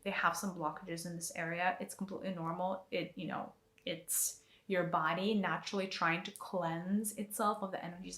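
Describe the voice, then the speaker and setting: A woman's voice: lowish voice, little pitch movement, normal speed, fairly bright tone. A woman teaching a guided energy meditation in a chatty way, with lots of fillers as she demonstrates hand movements. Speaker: spiritual teacher.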